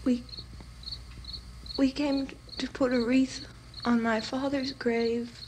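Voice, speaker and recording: A young woman in shock in a vintage horror film. Her voice runs high and slow as she stumbles through her words. Crickets chirp loudly behind her on the old soundtrack. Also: little pitch movement, background noise. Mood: dazed. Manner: halting, dazed recollection rising to sobbing screams.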